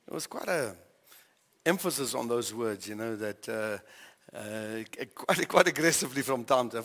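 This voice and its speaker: A man's voice: medium pitch, moderate pace, a bit bright. Older man, pastor, conversational sermon, questions to the congregation, long hall reverb.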